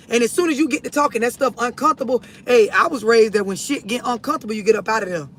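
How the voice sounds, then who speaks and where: A man's voice: very high voice, fast talker, fairly bright tone, slight background noise. A man hosting a livestream, delivering a blunt, profane, preachy rant straight at his viewers on a phone from inside a vehicle. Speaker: livestream host. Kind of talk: ranting livestream monologue.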